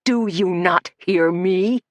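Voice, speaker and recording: A woman voicing an angry middle-aged man who leads a cult, shouting in a shrill, strident voice. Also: lively intonation, very slow, creaky, no echo, full character voice. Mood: furious.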